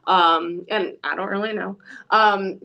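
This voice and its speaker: A woman in a casual interview, chatty and animated, using lots of "like" and "you know". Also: mid-range voice, takes it slowly, creaky. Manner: acts out others in quoted voices, laughs easily. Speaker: witchcraft shop owner and guest.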